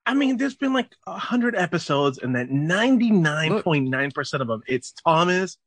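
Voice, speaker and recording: Joking podcast guy, voice jumps all over, kinda husky, dry mic. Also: fairly high pitch, a little fast, few pauses, no echo. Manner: animated, joking, drops in Spanish words. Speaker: podcast co-host. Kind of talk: casual podcast banter.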